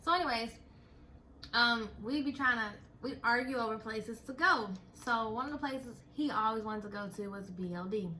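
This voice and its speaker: A young woman telling a story in casual chat, animated and breaking into laughter as she retells it. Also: a little high, normal speed, a little hiss or hum. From Texas. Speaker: storyteller host.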